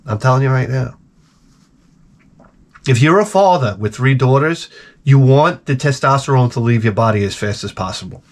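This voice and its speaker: A man telling stories in a casual, profane monologue, animated and acting out the people he quotes. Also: mid-range voice, moderate pace, long pauses. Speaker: video creator.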